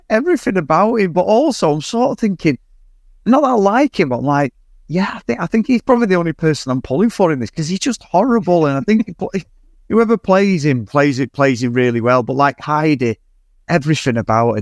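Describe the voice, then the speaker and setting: Brief: male podcast co-host, slightly higher voice, loose and sweary, very dry close sound. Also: expressive, a little fast, no room sound. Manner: sweary, rambling, laughs often. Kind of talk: casual film review chat.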